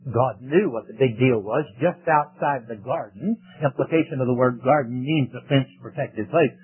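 A man's voice: medium pitch, moderate pace, breathy edge. A man preaching a sermon in a conversational way, often asking rhetorical questions. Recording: tinny phone-like radio broadcast.

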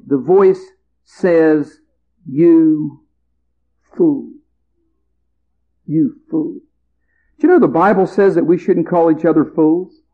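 A man preaching a sermon in a conversational, folksy way, with dramatic pauses on key words. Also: a little high. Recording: muffled lo-fi.

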